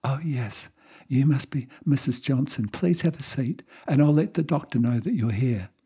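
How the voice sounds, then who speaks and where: A man voicing a polite hospital receptionist in a joke, speaking softly and courteously. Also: mid-range voice, expressive, normal speed, husky.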